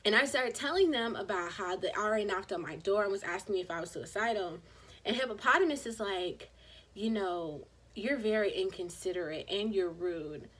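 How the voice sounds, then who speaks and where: A young woman in her twenties tells a long story straight to the camera, her voice a little husky. She talks casually and animatedly, slipping into the voices of the people in the story. Her pitch sits in the middle of the range. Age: 20s. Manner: animated, acts out quoted people. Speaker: vlogger.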